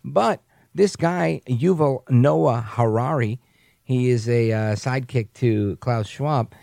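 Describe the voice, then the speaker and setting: Gravelly, animated talk radio man. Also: mid-range voice, slow, dry recording, studio quality. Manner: animated, mocking asides, frequent restarts. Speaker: radio talk show host. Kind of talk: opinionated talk radio commentary.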